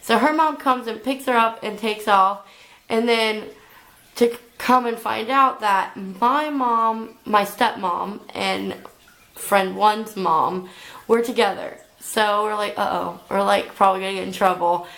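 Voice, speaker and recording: A woman's voice: medium pitch, measured pace, fairly bright tone, rough recording. A young adult woman telling a storytime vlog, rambling along with lots of filler "like"s. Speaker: vlogger.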